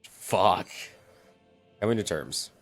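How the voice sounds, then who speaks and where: A man playing a video game and talking over it casually. His voice sits low but jumps around a lot in pitch, and he tosses out loud, crude jokes. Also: lively intonation, slow pace. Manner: loud, crude, joking asides. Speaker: let's play host. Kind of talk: casual gameplay commentary. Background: game music.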